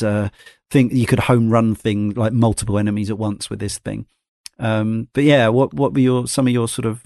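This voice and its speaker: In clean studio sound without echo, a male podcast host with a lowish, darkish voice chats casually about a game. His talk is thoughtful and rambling, and he keeps bringing his co-hosts in with questions.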